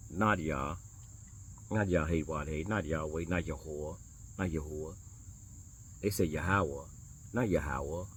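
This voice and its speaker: A man with a very deep voice talks to his viewers as a small congregation's minister. He is animated and blunt, repeating lines for emphasis and swearing as he challenges listeners. Crickets chirp faintly in the background. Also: a little hiss or hum. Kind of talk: casual religious talk to viewers.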